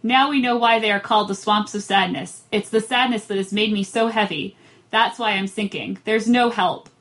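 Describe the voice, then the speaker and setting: A woman's voice: mid-range voice, fairly even intonation, normal speed, fairly bright tone, lightly acted. A woman reading aloud the lines of a weary, despairing male little horse from a storybook, in a plain voice. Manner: hopeless, pleading. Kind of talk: read-aloud storybook dialogue.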